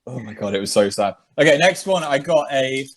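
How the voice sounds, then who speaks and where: Animated young man hosting a chat. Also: medium pitch, brisk. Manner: animated, laughing, chews while talking. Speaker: podcast host. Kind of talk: casual chat, tasting sweets.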